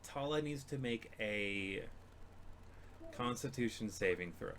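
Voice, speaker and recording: A man's voice: fairly low pitch, animated, a little slow, fairly bright tone, a little hiss or hum. A man running a tabletop game session as dungeon master, casual and laughing, swearing freely.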